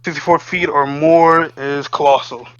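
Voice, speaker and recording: A man playing a tabletop role-playing game in casual chat, excitable and swearing freely, slipping into his character's lines. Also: a little high, moderate pace, clear, resonant tone, no room sound, lo-fi sound. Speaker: player.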